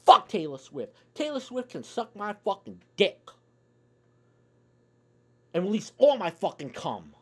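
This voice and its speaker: A man ranting about his team for his YouTube channel, furious and foul-mouthed. His pitch swings widely, rising and crashing as he curses. The talk is a nonstop stream of complaints. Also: wildly swooping pitch, unhurried, long pauses, a little mellow, husky. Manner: angry, profane, swearing constantly. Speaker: YouTube sports fan ranter. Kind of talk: profane sports fan rant.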